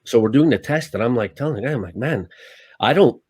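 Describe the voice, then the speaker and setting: A man who works as a stuntman, a guest telling stories in casual, animated talk, swearing often and acting out his own lines. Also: medium pitch, rapid-fire, no echo. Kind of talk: casual storytelling.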